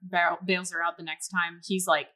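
A woman co-hosting a podcast, jumping into the casual chat with quick, animated comments and the odd swear. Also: fairly low pitch. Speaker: podcast co-host.

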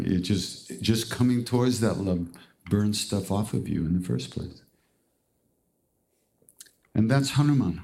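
A man's voice: low voice, warm tone. A man giving a spiritual talk in a conversational, earnest way, often restarting his sentences. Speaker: spiritual teacher.

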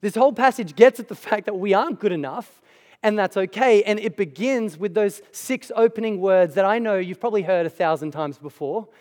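A man's voice: high-pitched, expressive, fairly quick, hardly any pauses, darkish tone. A man delivering a conversational sermon as a pastor, emphatic and chatty, with asides to the congregation. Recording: hall reverb.

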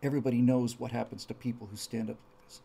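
A man hosting a history talk, an animated storyteller who acts out the punchlines. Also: mid-range voice, fast, creaky, slight background noise. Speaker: podcast host telling historical jokes. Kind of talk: storytelling lecture.

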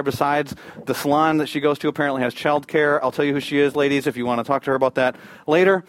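A man preaching a sermon, telling a story and building to loud high peaks before dropping to a near hush. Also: fairly even intonation, fast talker, no echo. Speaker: pastor.

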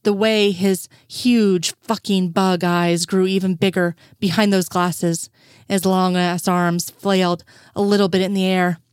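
A woman's voice: lowish voice, clean tone, dry recording. Young woman, dry close narration of fan fiction, casual and profane. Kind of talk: scripted fan fiction reading.

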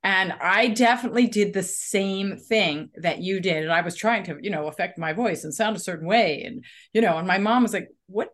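A woman's voice: mid-range voice, brisk, few pauses, fairly bright tone. A woman co-hosting a podcast, interviewing a guest in a friendly, casual chat. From Philadelphia area. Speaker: podcast co-host.

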